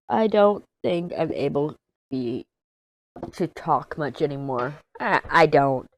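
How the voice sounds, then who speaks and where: A woman, chatting casually as a crafting vlogger in a hoarse, tired voice, rambling and self-deprecating. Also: sits low, takes it slowly, no room sound. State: hoarse, worn out. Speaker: crafting YouTuber. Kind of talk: casual chat while diamond painting.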